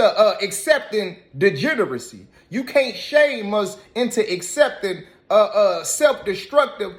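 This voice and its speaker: A man's voice: sits high, fairly bright tone. Emphatic man scolding in commentary. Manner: scolding, emphatic, repeats phrases. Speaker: commentary host. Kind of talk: reaction commentary.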